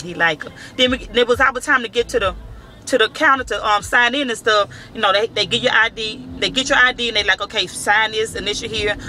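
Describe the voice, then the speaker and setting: A man's voice: sits high, slight background noise. A man telling a story to the camera in casual, profane speech, acting out the dialogue. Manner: profane, animated, acts out dialogue. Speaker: vlogger.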